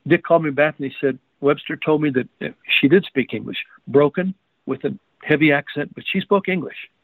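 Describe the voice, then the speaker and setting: A man's voice: fairly high pitch, a little fast, no room sound. A man being interviewed as a guest, telling a story emphatically and often repeating words as he restarts his sentences. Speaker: guest researcher. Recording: dry tinny phone-like line.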